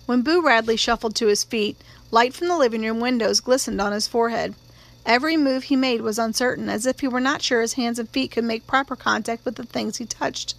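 A woman reading a novel aloud in calm, measured audiobook narration. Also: a little high, gravelly, low-quality recording. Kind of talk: scripted narration.

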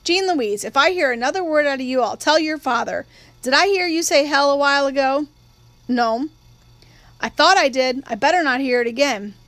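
A woman's voice: high voice, normal speed, fairly bright tone, no echo. A woman voicing a stern, proper middle-aged aunt who scolds a child, in a storybook reading. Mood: scolding.

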